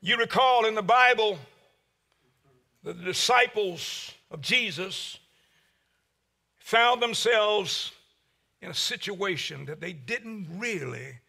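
A man preaching a sermon as pastor, with a preaching cadence that swells to shouts and drops low. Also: lively intonation, slow, gravelly.

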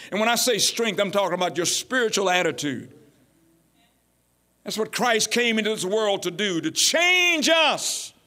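High, lively preaching man. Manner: call-and-response preaching, rising to shouts. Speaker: pastor. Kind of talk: sermon.

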